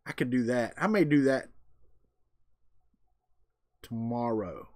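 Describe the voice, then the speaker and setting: A man's voice: mid-range voice, lively intonation, takes it slowly, darkish tone, dry recording, studio quality. A man with a Southern US accent hosting a casual livestream, chatting with viewers in a folksy, joking way. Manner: folksy, drawling, jokey. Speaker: livestream host. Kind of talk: casual chat with live viewers.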